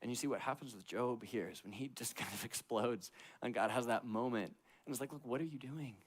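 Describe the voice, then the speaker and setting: A young man preaching to a church youth group, telling his story in a casual, conversational way full of "like" fillers and moving between loud and hushed delivery. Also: mid-range voice, fairly quick. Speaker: youth pastor.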